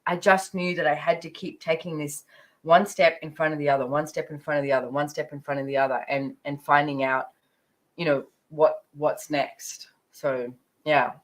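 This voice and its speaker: Middle-aged woman, low voice, loose chatty storyteller who rambles with plenty of "you know" and "like". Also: little pitch movement, normal speed, low-quality recording. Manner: chatty, rambling, full of fillers. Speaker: speaker sharing her money journey. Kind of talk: casual storytelling talk.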